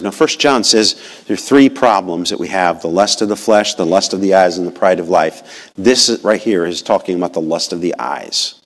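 A man preaching a sermon in church in a folksy, animated way, often asking the congregation questions. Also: deep voice, moderate pace. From rural upbringing. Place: church sanctuary.

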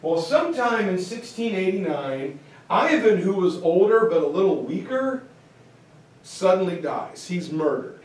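A man teaching a history class in a lively, joking way, acting out quotes as he goes. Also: high-pitched, measured pace. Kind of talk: classroom lecture. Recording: echoey room from far off.

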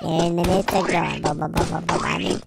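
A performer voicing a cheeky, excitable cartoon chipmunk who gives Roblox let's play commentary through a sped-up, high-pitched chipmunk effect. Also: fast talker, creaky, over loud music, poor audio. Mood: giddy. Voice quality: squeaky, giggly, exclamatory. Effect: sped-up high chipmunk pitch shift.

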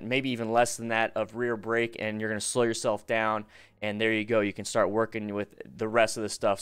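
Male live-stream host, mid pitch, smooth resonant tone, chatty advice-giver. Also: fairly bright tone. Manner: chatty, reads viewer questions and gives riding advice; upbeat, hypes the chat for likes. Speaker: live-stream host reviewing motorcycle videos. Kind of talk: casual live-stream commentary.

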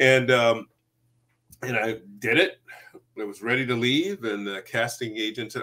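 A middle-aged man, an actor, telling stories in a casual interview, acting out quoted voices and laughing often. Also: normal speed. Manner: animated, acts out quoted voices with big pitch jumps; laughs often while talking. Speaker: actor guest.

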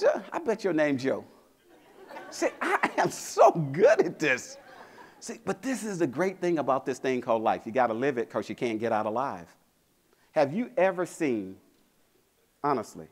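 A middle-aged man gives a motivational keynote to a convention crowd. He tells stories and acts out the quotes in them. His voice sits high and swings wildly up and down as he builds toward each punchline. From Mississippi, USA. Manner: animated storytelling, acting out quotes, rallying the crowd. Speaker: motivational speaker. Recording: convention hall.

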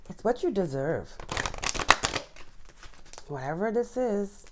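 Excited woman giving a tarot reading. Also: medium pitch, takes it slowly, heavy background noise. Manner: excited and gushing, repeats words, sighs and laughs. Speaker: tarot reader. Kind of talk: casual tarot reading to camera.

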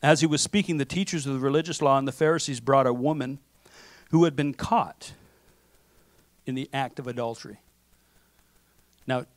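Conversational preaching pastor, higher-pitched man. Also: no room sound. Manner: conversational preaching with frequent "okay?" and acted self-talk. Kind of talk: sermon. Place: church sanctuary.

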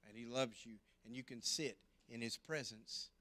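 A man preaching a sermon as pastor, earnest, swinging between loud emphasis and hushed tones. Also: mid-range voice, normal speed.

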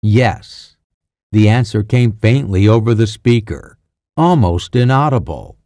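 A man reading an audiobook in a measured, deliberate narration. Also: lowish voice, lively intonation, warm tone, no echo, studio quality.

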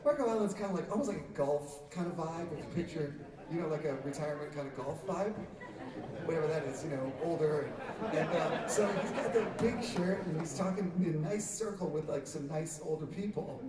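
Guy onstage telling a long story, lots of uh and laughing, kinda high voice, taped from far back in an echoey hall. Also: fairly quick. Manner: chatty, laughing often, many fillers and restarts. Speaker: musician telling stories on stage. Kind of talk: rambling live storytelling to a concert audience. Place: concert hall stage. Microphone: audience taper's recording from the crowd. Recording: roomy distant audience tape. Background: loud crowd.

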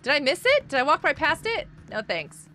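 A woman hosting a live gaming stream, chatting excitably as she plays and reads out and thanks viewers from the chat. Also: high-pitched, fairly quick, background noise.

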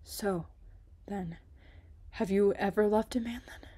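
A gentle young pirate captain, read by a woman. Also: mid-range voice, moderate pace, breathy edge, lightly acted. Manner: gentle, hushed.

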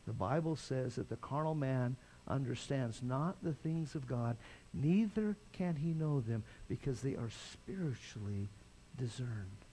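An older man preaching a sermon as pastor, impassioned, swinging from loud cries to quiet intensity. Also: mid-range voice, expressive, unhurried, slight background noise.

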